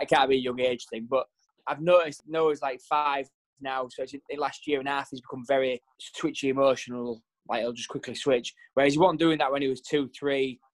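A man in casual chat, telling family stories with lively quoted voices. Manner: animated storyteller, jumps pitch for quoted voices. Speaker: podcast co-host.

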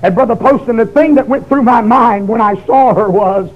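A man preaching his testimony, emotional, swinging from shouts down to hushed low tones. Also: normal speed, hardly any pauses. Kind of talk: fiery testimony sermon. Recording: dull lo-fi recording.

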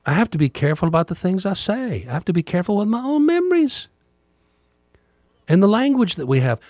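A man's voice: high voice, big pitch swings, fairly quick, a little mellow, no echo. A middle-aged man, hosting a podcast and talking through a candid, reflective monologue. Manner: conversational, candid, musing. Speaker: radio host and podcaster.

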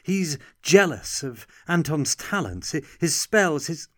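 A man's voice: on the high side, big pitch swings, no echo, studio quality, pitched above the performer's own voice. A man voicing an earnest young apprentice woman. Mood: earnest pleading. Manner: pleading, quick to defend. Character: young female wizard's apprentice, earnest and defiant.

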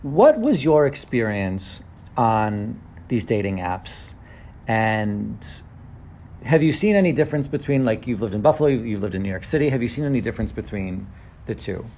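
A man's voice: on the low side, very animated, normal speed, a little mellow, a little hiss or hum. Chatty, playful man hosting a podcast. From United States. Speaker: podcast host. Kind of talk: casual chat.

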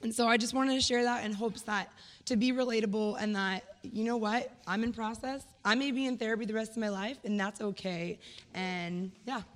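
A woman's voice: on the high side, fairly even intonation, brisk, slight background noise. An earnest woman gives a heartfelt church testimony in a conversational way. Her voice rings with a long hall reverb, as if picked up in a large sanctuary. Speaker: church member sharing a testimony.

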